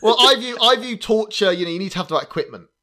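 A man casually recapping a movie with friends, animated and laughing often. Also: high voice, fast, a loud crowd. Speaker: podcast co-host.

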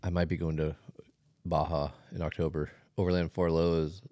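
A man co-hosting a podcast in casual chat, laid-back, chiming in with quick agreements and jokes. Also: deep voice, flat delivery, warm tone, no echo, studio quality. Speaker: podcast co-host.

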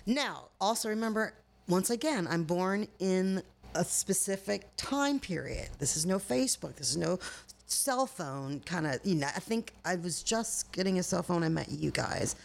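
A middle-aged American woman telling a story in casual chat, animated and profane, acting out the voices of people she quotes. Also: fairly low pitch, normal speed, vocal fry.

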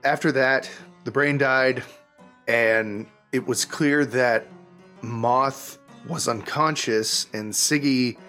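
A man narrates a tabletop fantasy session as its game master. He talks slowly and a little haltingly, with faint music playing behind him. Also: medium pitch, a bit bright.

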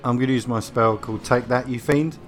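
A man's voice: mid-range voice, fairly even intonation, a little fast, loud music behind the voice. A man playing a tabletop game in casual chat, often hesitant and stammering. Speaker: player. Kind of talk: casual role-play chat.

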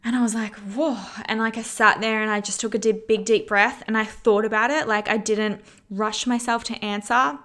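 A woman's voice: on the high side, fairly even intonation, normal speed, hardly any pauses, fairly bright tone. A woman hosting a self-help podcast, talking earnestly in a casual coaching tone and swearing freely. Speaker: podcast host.

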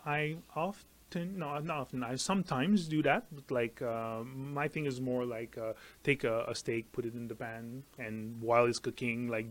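A man chatting casually as co-host, hesitant and full of fillers. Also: mid-range voice. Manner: hesitant, many fillers and restarts. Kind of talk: casual chat.

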